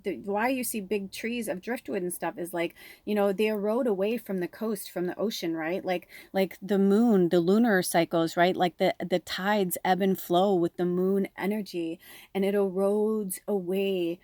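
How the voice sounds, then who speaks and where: A woman in her thirties, a spiritual reader, telling a personal story with shaky, tearful excitement and lots of "like.". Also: mid-range voice, normal speed, dry recording, clean studio sound. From Pacific Northwest.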